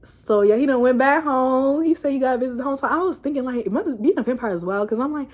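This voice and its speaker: Young woman yapping about a show, highish voice, laughs a lot, curses. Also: quick pace. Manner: animated, laughing, cursing storyteller. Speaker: show reviewer. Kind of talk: casual chat video review.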